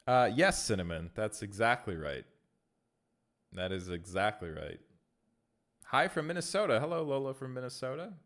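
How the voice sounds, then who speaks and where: A streamer and content creator talks from home in a very animated, slightly bright mid-range voice at normal speed, with long pauses. Chatty and casual, he reads viewer messages aloud and answers them, laughing easily between phrases.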